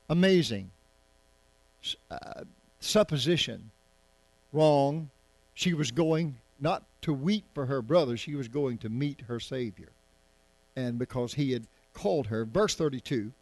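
A man's voice: mid-range voice, unhurried, darkish tone, no echo. A male pastor preaching verse by verse, in a conversational style and often putting rhetorical questions to his listeners. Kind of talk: Bible-study sermon.

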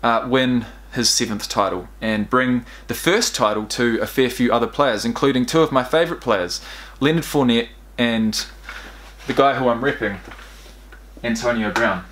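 A man's voice: mid-range voice, normal speed, fairly bright tone, a little hiss or hum. A young man hosting a reaction video, talking straight to his viewers in a rambling, emotional way. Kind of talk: casual reaction commentary.

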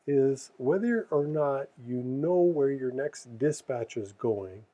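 Brief: male safety instructor, warm dark tone, slightly raspy, earnest and emphatic. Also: mid-range voice, low-quality recording. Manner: earnest, emphasizes key words, corrects himself. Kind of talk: casual explainer to camera.

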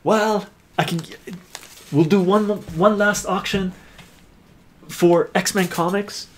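A man with a high voice speaks slowly while hosting a points auction on a casual live stream, sounding like an excited auctioneer calling out bids. He keeps an upbeat chat going with viewers and reads out their comments. There's slight background noise.

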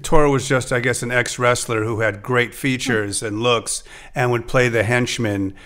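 A man's voice: mid-range voice, steady tone, unhurried, fairly bright tone. A man hosting a podcast and chatting casually with his guest. He hesitates often and restarts his sentences. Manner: conversational, hesitant with frequent restarts. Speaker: podcast host. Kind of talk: casual chat.

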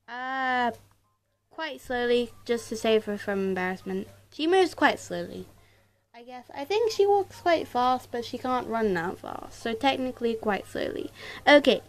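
A woman doing casual let's-play commentary to her viewers, excitable, exclaiming and mildly swearing, recorded on a tablet. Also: high-pitched. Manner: talks straight to viewers. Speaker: gaming YouTuber.

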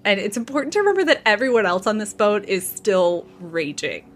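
A woman's voice: medium pitch, a little fast. A woman hosting a podcast, telling a gossip story in a casual way, acting out the people in it and laughing often. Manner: animated storyteller, acts out quotes, laughs often. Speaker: podcast host.

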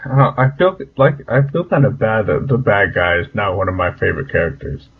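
A man's voice: on the low side, sing-song, fairly quick, breathy edge. A man co-hosting a casual podcast, laid-back and agreeable, rambling a bit. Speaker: podcast co-host. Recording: slightly dull lo-fi podcast audio.

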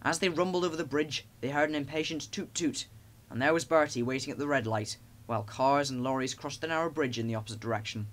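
Man, storybook narrator, expressive reading, middle pitch. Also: fast, hardly any pauses.

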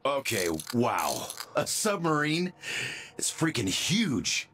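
A soldier, slow and dry. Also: male voice, mid-range voice, huge pitch swings, fairly bright tone, a little hiss or hum, exaggerated voice. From United States. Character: American male soldier, adult, wry and upbeat. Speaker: game character. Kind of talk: video game voice acting. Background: game music.

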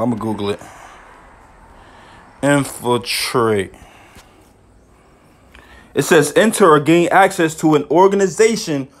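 Casting: man, slightly higher voice, informal bible teacher, excitable, casual filler talk. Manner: casual, repeats "man" and "you know"; reads verses slowly, excitable.

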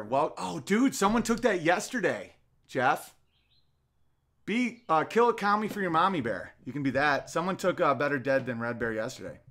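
A man's voice: mid-range voice, sing-song, normal speed. Profane, heated man hosting a podcast. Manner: profane, heated, swings between loud outbursts and muttered asides. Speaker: podcast host. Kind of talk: casual podcast rant, reading chat comments.

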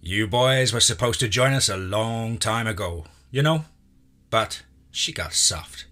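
A man's voice: fairly low pitch, lively intonation, moderate pace, breathy edge, faint music behind, full character voice. A man voicing a drunk, menacing uncle who slurs and sways, sing-song one moment and snarling the next. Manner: loud, slurred and sing-song, then snarling.

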